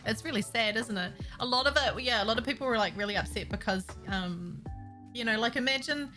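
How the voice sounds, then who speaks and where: A woman's voice: fairly high pitch, fairly quick, pushed and bright, soft background music. A woman, chatting casually with her stream audience while building, giggling and talking to herself. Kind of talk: casual chat while building a game map.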